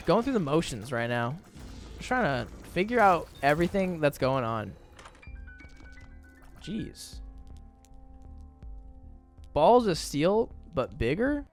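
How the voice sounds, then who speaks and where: Lively young man rambling over gameplay. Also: a little high. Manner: chatty, rambling, animated, exaggerated indignation. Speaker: gaming video creator. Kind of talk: casual gameplay commentary.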